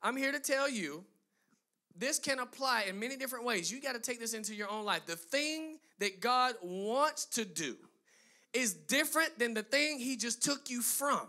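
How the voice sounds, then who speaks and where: A high-pitched man delivering a sermon in a bright, cutting tone. He builds emphatic runs of phrases, then turns to chatty asides aimed at his listeners. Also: animated, moderate pace. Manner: emphatic preaching with rising, driving lists; conversational asides to the congregation. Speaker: pastor.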